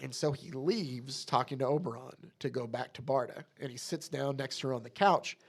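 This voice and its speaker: A man's voice: medium pitch, moderate pace, vocal fry. A young man co-hosting a podcast, earnestly retelling a comic's scenes by quoting its characters in casual chat. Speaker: podcast co-host.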